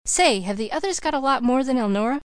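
A woman's voice: high-pitched, animated, fast talker, clear, resonant tone, no echo, clean studio sound, pitched above the performer's own voice. A woman reading the part of an eager, boastful small country boy who chatters in folksy grammar.

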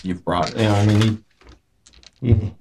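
Hesitant low-voiced male game master. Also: steady tone, creaky, a little mellow, slight background noise. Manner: halting, filler-heavy narration. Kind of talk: narrating a tabletop game.

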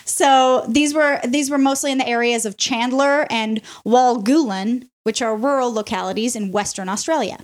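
A woman's voice: on the high side, normal speed, hardly any pauses. Playful woman telling a story. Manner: animated, laughs often, playful asides to co-hosts. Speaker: podcast host telling a history story. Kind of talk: casual storytelling chat.

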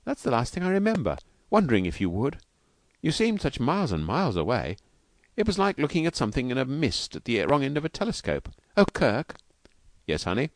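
A man reading aloud, voicing a tender young wife with a soft, breathless voice. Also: mid-range voice, huge pitch swings, fairly quick, dry recording, pitched above the performer's own voice. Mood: dreamy.

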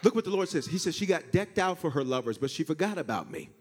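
A male pastor preaching a sermon, calling on the congregation to answer and touch their neighbor, swinging between shouts and hushed asides. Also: fairly high pitch, fast, faint music behind. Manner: animated, swings from shouting to hushed, acts out God's voice; call-and-response with congregation.

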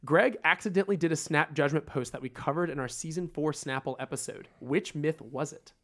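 A man's voice: fairly high pitch, a little fast, fairly bright tone. A man hosting a quiz on a podcast, teasing the others and laughing often. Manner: laughs a lot while teasing. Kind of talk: casual podcast quiz banter.

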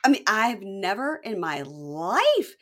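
A woman co-hosting a casual chat, retelling a reality show with animated, dramatic storytelling. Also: medium pitch, slow pace.

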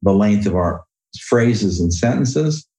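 A man's voice: on the low side, lively intonation, slow, warm tone, echoey room, poor audio. A man being interviewed, talking in a hesitant, thoughtful way and reciting verse with feeling. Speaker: guest. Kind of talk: conversational interview.

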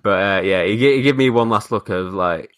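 A man's voice: on the low side, a little fast, a bit bright, smooth. A man, telling a rambling, sweary anecdote in casual chat as a podcast co-host. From northern England. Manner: rambling storyteller, swears, mimics people in his stories.

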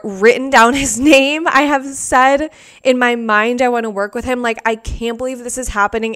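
A woman telling a personal story in a casual, animated way, full of "like" fillers, as a podcast host. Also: mid-range voice, smooth.

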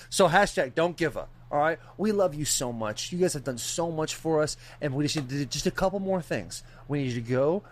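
A young man co-hosting a podcast, talking in loud, hyped, rambling and jokey banter. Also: fairly high pitch. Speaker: podcast co-host.

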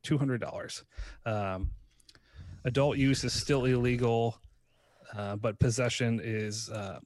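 Man, podcast co-host, casual chat, rambling delivery, fillers and restarts, mid-pitched voice, dry close sound. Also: steady tone, slow pace, a little mellow, no echo.

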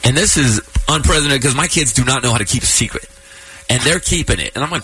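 A man in his thirties with a bright, slightly husky voice tells a personal story on air as host. He talks casually, choking up and laughing through tears. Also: mid-range voice, animated, fast talker, poor audio.

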